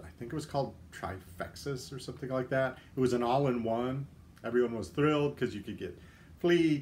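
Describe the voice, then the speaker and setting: A man's voice: medium pitch, slight background noise. A man talking through a casual livestream in an ordinary mid-range voice, chatty and easygoing. He answers viewer comments one after another and drops joking, self-deprecating asides as he goes. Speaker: livestream host.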